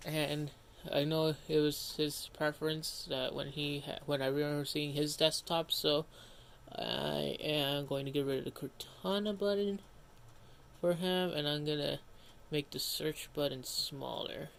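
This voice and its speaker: A man's voice: fairly high pitch, fairly even intonation, measured pace, vocal fry, a bit bright, slight background noise. A man streaming live and chatting casually as he works, rambling, breaking off mid-sentence and grumbling to himself. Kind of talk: casual livestream commentary.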